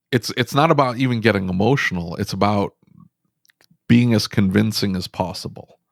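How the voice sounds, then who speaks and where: A man who owns a repair shop, telling a story on a podcast in an animated, emphatic way with quick bursts of speech. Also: on the low side, no room sound, clean studio sound. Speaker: auto repair shop owner, podcast guest. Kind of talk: casual storytelling conversation.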